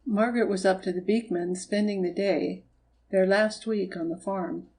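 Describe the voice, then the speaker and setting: A woman narrating a children's storybook in an even, measured reading. Her voice sits at a middle pitch for a woman. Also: rough recording. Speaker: audiobook reader. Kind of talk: scripted narration.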